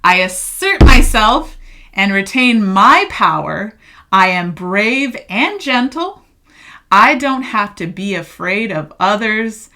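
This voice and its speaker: A woman's voice: mid-range voice, very animated, slow, bright, forceful tone. A woman giving a casual tarot card reading, chatty and emphatic, full of fillers, getting worked up as she talks. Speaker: tarot reader.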